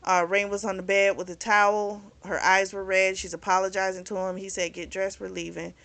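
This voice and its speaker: Woman host, casual book recap, chatty and frank, bright tone. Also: medium pitch, flat delivery, brisk. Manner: candid and chatty, recounting the plot with frank opinions. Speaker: book review channel host.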